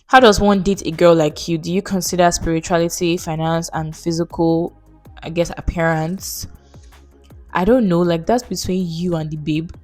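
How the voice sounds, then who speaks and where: Frank young woman, lowish voice. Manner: frank, opinionated, chatty. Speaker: YouTuber answering viewer questions. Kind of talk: casual Q&A vlog.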